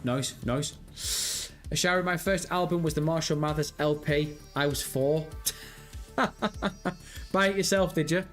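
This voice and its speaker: A man's voice: on the high side, a little slow, pauses often, soft background music. A young man in his twenties with a Birmingham accent, chatting casually on a live stream, rambling and swearing freely as he reads out viewer comments. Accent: Birmingham English. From England. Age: 20s. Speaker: livestream host.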